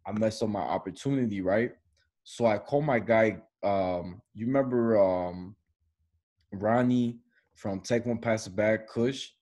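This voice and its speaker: Husky young man telling stories. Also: lowish voice, a little slow. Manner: animated, laughs often while telling stories. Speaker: podcast co-host. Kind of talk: casual storytelling.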